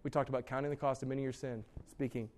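A man's voice: medium pitch, little pitch movement, rapid-fire, darkish tone. A young man preaching a sermon as youth pastor, casual and joking, with lots of fillers and restarts.

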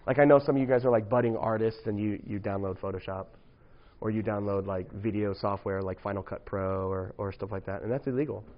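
A man's voice: fairly low pitch, fairly quick, dull audio. A man preaching to young people in a casual, joking way, often tossing in "right?" asides. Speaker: youth pastor.

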